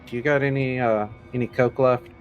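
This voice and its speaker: A man's voice: medium pitch, fairly even intonation, brisk, muffled recording, faint music behind. A man playing a tabletop role-playing game, hesitant with many fillers, often talking in a polite customer-service manner. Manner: hesitant, full of fillers, slipping into a polite hotel-staff voice. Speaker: player.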